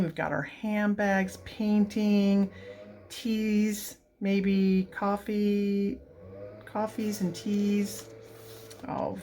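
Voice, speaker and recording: Slow, gushing woman. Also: medium pitch, slight background noise. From United States. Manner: gushing, rambling asides. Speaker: coloring book reviewer. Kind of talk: chatty book flip-through.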